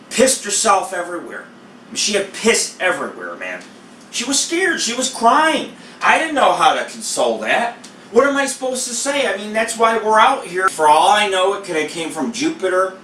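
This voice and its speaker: A male cooking show host with a fairly high-pitched, sharp-toned voice rambles and swears freely as he tells a story while cooking. The room is echoey, his voice is a bit far from the mic, and there's faint noise.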